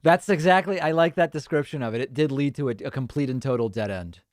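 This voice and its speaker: A man's voice: on the high side, quick pace, dry recording, clean studio sound. A man hosting a live-stream show, chatting casually and reacting to listener voicemails and chat messages. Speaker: show host.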